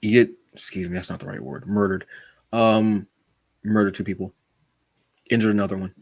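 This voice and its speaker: A man's voice: lowish voice, flat delivery, normal speed, creaky, no echo. A man co-hosting a podcast in casual chat, playful and joking, often calling his co-host "brother". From United States.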